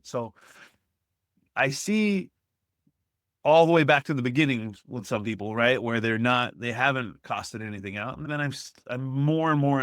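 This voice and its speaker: Animated male guest telling stories. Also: medium pitch, dry recording, clean studio sound. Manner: animated, acts out quoted people. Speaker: guest, restaurant consultant. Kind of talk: conversational storytelling.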